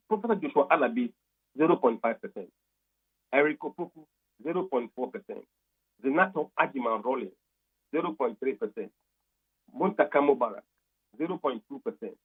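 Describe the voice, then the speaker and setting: A man's voice: mid-range voice, breathy edge, phone-quality sound. A Ghanaian man on a radio talk show, methodically reading out a long list of poll figures and explaining the results. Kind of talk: radio talk, switching between English and Twi.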